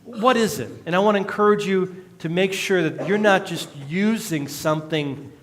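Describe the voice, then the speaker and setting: Animated high-voiced male preacher. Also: normal speed, a crowd in the background. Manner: conversational, animated preaching with jokes and acted quotes. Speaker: pastor. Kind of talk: sermon. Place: church sanctuary.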